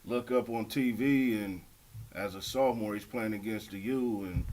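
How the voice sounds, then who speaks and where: A man's voice: fairly low pitch, moderate pace, slight background noise, poor audio. A man, a football coach, telling stories of his players in casual talk. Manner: steady storytelling, listing players. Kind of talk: casual sports chat.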